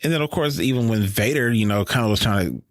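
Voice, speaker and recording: A man's voice: fairly low pitch, quick pace, no echo. Rambling man on a dry podcast mic. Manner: rambling, heavy on "like" and "you know" fillers. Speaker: podcast co-host. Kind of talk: casual chat.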